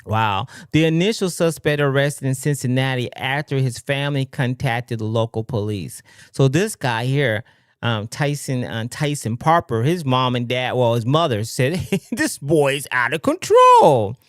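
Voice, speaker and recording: A man hosting a livestream, talking casually and haltingly with many fillers and frequent exclamations. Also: mid-range voice, clean tone, no room sound, clean studio sound. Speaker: livestream host.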